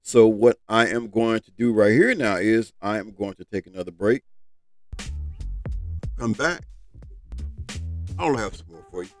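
A man hosts his own sports podcast in a slightly low voice, recorded close and dry with no room sound. He reads rankings with a lift on each number and slips into easygoing, colloquial remarks to his listeners. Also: expressive, a little slow, pauses often, no room sound, faint music behind, rough recording. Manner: reads list with rising emphasis, casual asides; loose colloquial talk to listeners. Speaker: podcast host.

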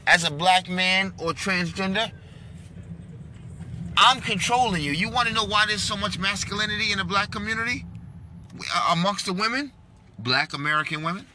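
A man in a car delivering an impassioned, preachy monologue, swinging between loud outbursts and low hushed lines. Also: slight background noise.

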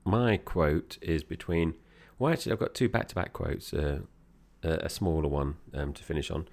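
A man's voice: extremely low pitch, expressive, moderate pace, vocal fry, darkish tone. A man co-hosting a podcast, chatting easily about a film and tossing questions to his co-host. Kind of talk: casual film chat.

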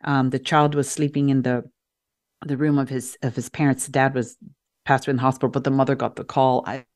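A woman being interviewed as a guest coach on a radio show, talking in an animated, emphatic way and often restarting her sentences. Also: rumbling low, fairly quick. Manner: animated, emphatic, self-correcting. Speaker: guest, resilience coach and sophrologist. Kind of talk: conversational interview. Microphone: radio show microphone.

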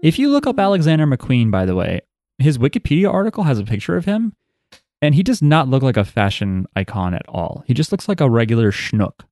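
A man's voice: medium pitch, huge pitch swings, brisk, a little mellow, dry recording, studio quality. A man co-hosting a casual podcast discussion, joking and swearing casually. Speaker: podcast co-host. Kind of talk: casual chat.

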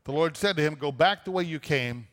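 A man's voice: a little high, a little fast, a bit bright, long reverb tail. A man preaching a sermon, reading a scripture passage aloud and then explaining it with rhetorical questions. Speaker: pastor.

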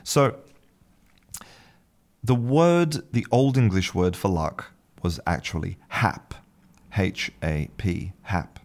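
A man with a very low voice hosts a casual English-learning podcast. He explains words in an easy, relaxed way. He often stops to spell them out letter by letter. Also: takes it slowly, long pauses. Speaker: podcast host and English teacher. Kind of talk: casual spoken lesson.

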